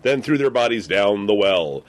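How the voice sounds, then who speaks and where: A man's voice: lowish voice, lively intonation, normal speed. A man on a casual podcast reading a local legend aloud, adding dry asides. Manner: reads aloud, stumbles over the source name, adds dry asides. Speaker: podcast co-host. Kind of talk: reading a folklore article aloud.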